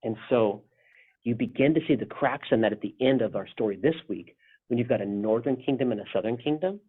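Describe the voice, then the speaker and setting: A man's voice: mid-range voice, fairly quick, breathy edge. A male pastor leading a casual Bible study discussion, rambling with frequent restarts. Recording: tinny phone-like sound.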